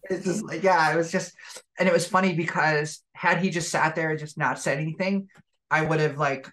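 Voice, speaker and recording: A woman's voice: low voice, steady tone, fairly quick, a crowd in the background. A woman co-hosting a podcast, telling a story in a loose, rambling way full of fillers and restarts. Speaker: podcast co-host. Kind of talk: casual chat.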